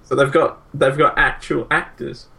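A man talks about classic video games in a loose, rambling way, tripping over fillers and restarts. His voice has a gravelly, fry-edged texture at an ordinary middle pitch, and he sounds keen and excited. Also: moderate pace. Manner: enthusiastic, rambling, many fillers.

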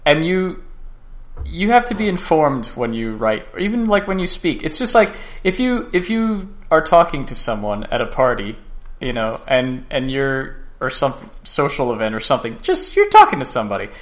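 A man hosts a podcast and talks casually at a plain middle pitch. He stumbles, repeats words and trails off before finding his point. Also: huge pitch swings, normal speed. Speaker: podcast co-host. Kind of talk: casual chat.

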